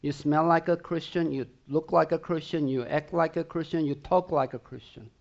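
A man's voice: fairly high pitch, steady tone, normal speed, vocal fry, highs cut off. A man preaching a sermon, emphatic and direct, who keeps asking the congregation whether they are with him. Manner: emphatic preaching with repeated rhetorical questions to the congregation. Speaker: pastor.

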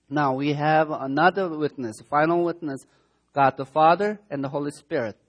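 A man with as a preaching a conversational, verse-by-verse sermon, asking his listeners rhetorical questions and often correcting himself mid-sentence. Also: a little high. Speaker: pastor. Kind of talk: sermon, verse-by-verse Bible teaching.

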